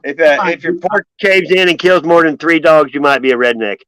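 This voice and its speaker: A man's voice: a little high, a little fast, fairly bright tone, no echo. A man chatting casually on a panel show, joking and laughing in a folksy way. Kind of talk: casual chat.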